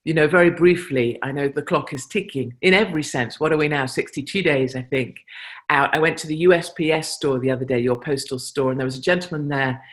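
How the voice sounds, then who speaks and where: A woman's voice: low-pitched, fairly quick. A woman with a British accent, giving a chatty, emphatic speech to a live audience as a convention speaker. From Britain. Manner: chatty anecdotal storytelling, emphatic.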